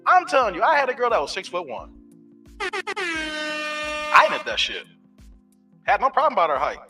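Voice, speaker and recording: A man's voice: high voice, very animated, rapid-fire. A man in his forties hosting a casual live stream, telling loose stories full of street slang and swearing. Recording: distant mic with faint music.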